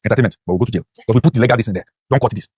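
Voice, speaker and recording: A man's voice: fairly low pitch, rapid-fire, a little mellow, slightly rough, no room sound. A man giving a motivational lecture to a class, preachy and full of rhetorical questions, his voice leaping up sharply on key points. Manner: voice leaps up sharply when stressing points. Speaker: motivational teacher.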